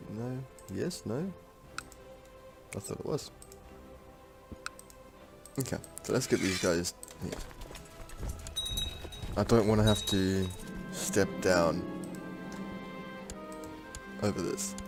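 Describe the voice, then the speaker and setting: Gravelly low-voiced man narrating gameplay. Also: lively intonation, slow, pauses often, over music. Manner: thinks aloud, rambling and frank. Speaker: strategy game let's-player. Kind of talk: casual gameplay commentary.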